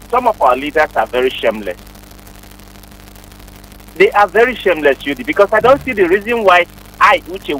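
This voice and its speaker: A man's voice: fairly high pitch, sharp tone, slight background noise, poor audio. A man with a Nigerian accent calling in to a radio talk show, speaking emphatically and repeating his points. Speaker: caller.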